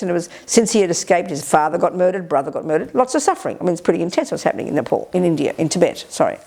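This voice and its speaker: An older woman giving a Buddhist teaching at a retreat, animated and emphatic, slipping into other people's voices when she quotes them. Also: lowish voice. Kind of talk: Dharma talk at a retreat.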